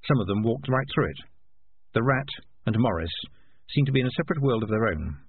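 Male audiobook narrator, measured expressive reading, husky voice, phone-like lo-fi sound. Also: medium pitch. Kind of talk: scripted narration.

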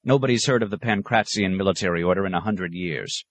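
A man's voice: sits low, quick pace, no room sound. A man voicing an eager, practical male monk inventor who argues hastily.

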